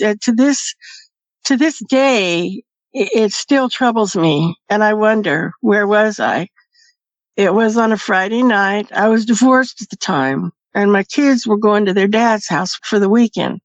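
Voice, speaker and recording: A woman's voice: medium pitch, moderate pace, dry recording. A woman guest telling a personal story in a casual, chatty way, laughing between phrases. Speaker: podcast guest. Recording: dry, dull lo-fi sound.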